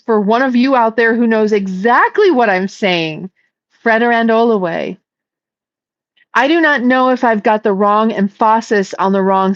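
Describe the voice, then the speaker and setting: A woman speaking as a psychic in a casual, meandering spiritual talk, earnest and stretching some words out slowly. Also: on the high side, no room sound, highs cut off. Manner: meandering and earnest, with slow drawn-out emphases. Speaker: psychic channeling messages.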